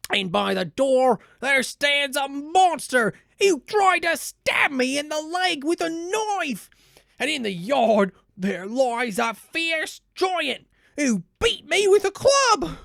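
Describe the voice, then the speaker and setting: A man voicing a panicky, terrified male robber in a storybook reading, babbling in a high, slow wail. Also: very animated, vocal fry, a bit bright, dry recording, studio quality, exaggerated voice. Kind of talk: storybook character voice.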